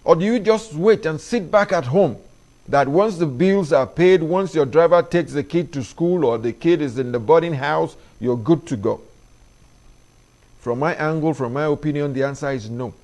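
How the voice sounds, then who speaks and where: A middle-aged man, hosting an opinion monologue addressed to parents in an emphatic, preachy way that climbs in pitch on his key points. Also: normal speed, darkish tone. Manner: preachy, emphatic, rises sharply when stressing points. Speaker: commentary show host.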